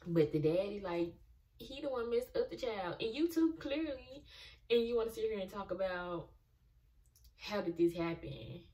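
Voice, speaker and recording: A woman's voice: mid-range voice, moderate pace, distant mic. Exasperated young woman ranting about a show. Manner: animated, exasperated, talks back to the characters. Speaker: reaction video host. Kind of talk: casual TV reaction commentary.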